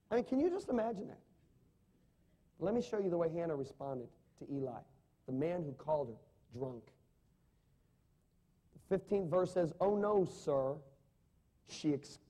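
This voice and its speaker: Dramatic male preacher with a mellow voice. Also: on the high side. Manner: dramatic, rising and falling emphasis, asks the congregation questions. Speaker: pastor. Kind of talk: sermon.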